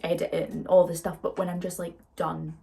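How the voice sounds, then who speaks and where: A young woman chats candidly as she applies makeup at home, her get-ready-with-me talk rambling and packed with fillers. Her voice is low-leaning, gravelly and warm, brisk in pace with little pitch movement.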